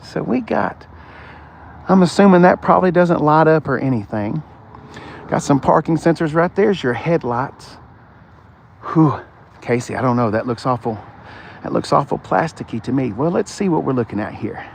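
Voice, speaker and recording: A man's voice: a little high, lively intonation, normal speed, creaky, slight background noise. A man, hosting a rambling live-streamed car walkaround, chatting with viewers as he goes. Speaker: car show host. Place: outdoors on a car lot. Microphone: phone front camera.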